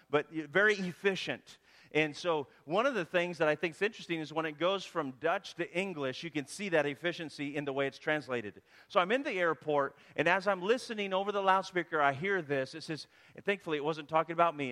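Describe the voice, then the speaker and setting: A man preaching a sermon in a church, telling stories with bursts of emphasis. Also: on the high side. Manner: animated storytelling with bursts of emphasis. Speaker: guest preacher. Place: church sanctuary. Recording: reverberant church hall.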